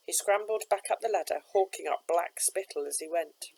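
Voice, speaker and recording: A woman, a teacher, reading a children's novel aloud with steady, expressive narration. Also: on the low side, moderate pace, vocal fry, husky, poor audio.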